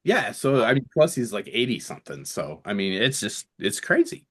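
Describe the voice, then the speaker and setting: A man's voice: mid-range voice, huge pitch swings, moderate pace, a bit bright, slightly rough. Casual, rambling middle-aged male co-host. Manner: rambling, swears casually, jokes with put-on voices. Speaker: podcast co-host. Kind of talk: casual chat.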